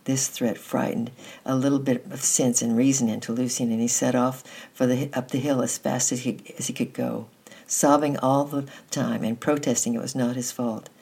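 A storyteller reading a children's story aloud at a steady pace, sometimes restarting a phrase. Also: medium pitch, vocal fry, husky. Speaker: narrator. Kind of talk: storybook narration.

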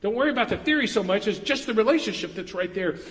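A man's voice: high voice, expressive, fast, a bit bright, long reverb tail. A man preaching an earnest sermon as pastor, stressing points with repetition.

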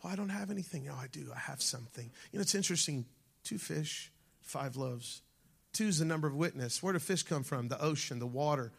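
A male pastor delivers an animated sermon, calling out to his congregation. His voice sits high and carries a gravelly fry. He swings between loud exclamations and soft, hushed passages. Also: fairly quick. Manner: animated preaching, shifting from shouts to near-whispers.

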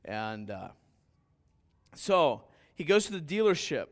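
A man with a fairly high voice preaching a sermon. He talks conversationally, with restarts and asides, and jumps higher in pitch when he acts out characters in his stories. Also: big pitch swings, slow pace. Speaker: pastor.

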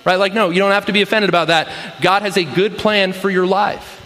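High-voiced pastor preaching in a hall. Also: male voice, steady tone, brisk, pushed and bright. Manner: casual, conversational preaching with many "like" and "right?". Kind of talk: sermon. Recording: long hall reverb.

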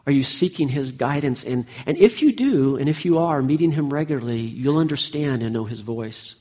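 Husky-voiced preaching pastor. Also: male voice, mid-range voice, expressive, moderate pace, a little mellow. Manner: emphatic, rising and falling preaching delivery. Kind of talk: sermon.

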